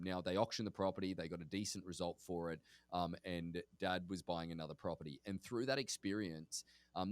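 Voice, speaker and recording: A man chatting on a podcast as a guest agent, telling an animated story and acting out both sides of phone calls. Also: deep voice, dry recording. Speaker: guest, auction real estate agent. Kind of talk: casual storytelling in a podcast chat.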